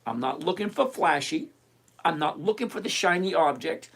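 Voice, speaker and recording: A man's voice: on the high side, expressive, fairly quick, fairly bright tone, husky. An older retired man hosting a live stream, chatting casually and emphatically as he answers viewers by name. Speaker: livestream host answering viewer questions.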